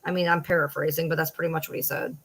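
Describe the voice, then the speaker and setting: A woman's voice: deep voice, little pitch movement, racing, a bit bright, low-quality recording. A woman of about forty with a Michigan accent, chatting bluntly and with plenty of swearing to viewers on a late-night livestream. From Michigan, Detroit downriver area. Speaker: social media personality.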